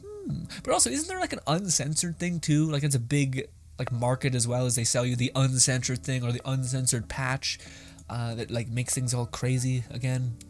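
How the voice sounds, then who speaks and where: A young man hosting a casual reaction show, rambling and laughing, crude and animated. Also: mid-range voice, moderate pace, faint music behind.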